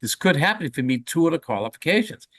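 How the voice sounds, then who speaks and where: A man voicing a nun in a joke, speaking calmly and gently. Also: a little high, fast talker, dry recording, clean studio sound. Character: calm, gentle nun, secretly a man in costume.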